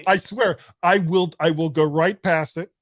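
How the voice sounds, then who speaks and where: A man's voice: a little high, steady tone, unhurried, no echo, studio quality. Joking middle-aged man podcast host. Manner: joking, laughs often, stumbling restarts. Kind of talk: casual chat.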